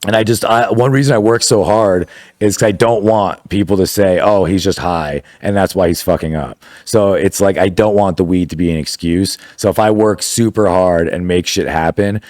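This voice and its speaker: A young man talks in a loose, rambling way, stacking fillers and curse words. His voice sits low, and the studio sound is close and dry. It comes across as an easygoing podcast chat. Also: normal speed, darkish tone, no echo. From United States. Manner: laid-back, rambling, heavy filler and profanity. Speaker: guest, business owner.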